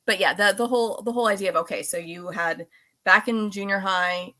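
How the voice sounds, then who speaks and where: A woman hosting a podcast in casual chat, talking in quick asides and reading out listener comments. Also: mid-range voice, pushed and bright. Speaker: podcast host.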